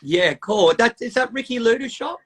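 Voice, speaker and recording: Aussie male host, middle-aged, higher voice, relaxed chatty interviewer who backs up the guest constantly. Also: normal speed, slightly rough. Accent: Australian. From Australia. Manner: laid-back, frequent "yep" backchannels. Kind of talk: casual interview chat.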